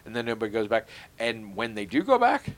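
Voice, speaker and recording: A man co-hosting a podcast, chatting casually and telling animated stories with the odd curse. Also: mid-range voice, a little fast. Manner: profane, animated storytelling. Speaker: podcast co-host. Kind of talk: casual chat.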